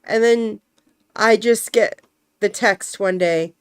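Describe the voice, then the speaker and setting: A woman's voice: medium pitch, expressive, normal speed, long pauses. A young woman chatting casually on a stream, rambling animatedly and acting out quotes as she tells a story.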